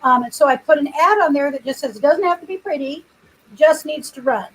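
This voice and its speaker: Chatty high-voiced woman livestreamer. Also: a little fast, rough recording. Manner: rambling storyteller, chatty with viewers. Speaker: livestream host. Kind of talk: casual livestream chat. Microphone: computer built-in mic, no external microphone.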